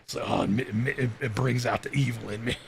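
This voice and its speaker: A man's voice: mid-range voice, fairly even intonation, brisk, gravelly, a little hiss or hum. A young American man hosting a stream, chatting casually and making crude jokes. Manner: joking, crude and laughing often. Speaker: streamer host. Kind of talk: casual chat.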